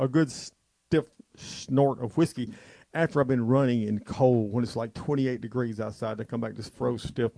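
Gravelly guy hosting his own show, rambly and stuttery, gets preachy, dry close mic. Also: medium pitch, dark tone, dry recording. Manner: halting, stammering, fervent preachy tone. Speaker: show host. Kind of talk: rambling monologue to listeners.

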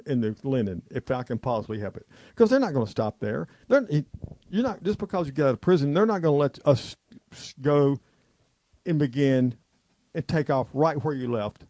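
A male show host giving a rambling, fervent monologue to his listeners, halting and stammering often. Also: medium pitch, big pitch swings, dark tone, dry recording.

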